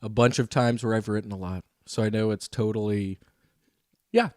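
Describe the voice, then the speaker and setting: A man's voice: on the low side, steady tone, normal speed, a little mellow, no echo, clean studio sound. Laid-back male comedian guest. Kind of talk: casual chat.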